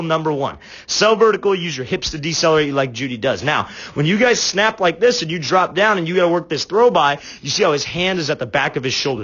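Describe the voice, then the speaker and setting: A young man coaching receivers through game film, emphatic and quick, often checking in with "right?". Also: a little high, fairly bright tone, highs cut off. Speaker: football route-running coach.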